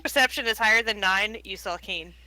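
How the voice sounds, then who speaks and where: A woman's voice: mid-range voice, brisk, sharp tone, no room sound. A woman player in a casual tabletop role-play session, rambling with lots of fillers and giggling.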